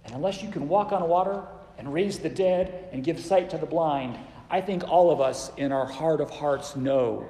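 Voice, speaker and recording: A man's voice: fairly high pitch, normal speed, dark tone. A man preaching a sermon in a church, earnest and conversational, sharing anecdotes. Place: church sanctuary. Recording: echoey church hall with long reverb.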